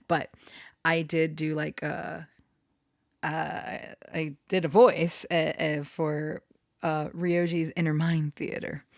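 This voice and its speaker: A woman with a deep voice, recorded dry at studio quality, rambles through a personal story in a casual monologue. She's a channeler and storyteller who giggles often and keeps restarting sentences with many fillers, sounding embarrassed and self-conscious.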